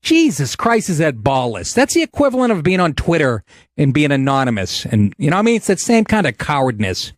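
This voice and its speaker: Male podcast host, blustering profane rants, lively high-ish voice, dry close sound. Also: a little fast, no room sound. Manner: profane, blustering, animated ranting. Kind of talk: casual ranting talk show.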